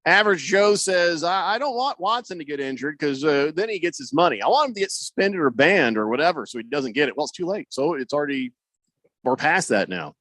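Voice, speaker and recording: A man's voice: fairly high pitch, big pitch swings, a little fast, a bit bright, no echo. A man hosting a sports radio show, reading listener texts aloud with wry jokes in casual banter. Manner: wry, joking, reads messages aloud. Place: radio studio. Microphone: studio microphone.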